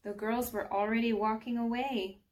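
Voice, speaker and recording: A woman reading a children's storybook aloud, gently, sometimes speaking directly to young listeners. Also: a little high, steady tone, moderate pace. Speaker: storybook narrator.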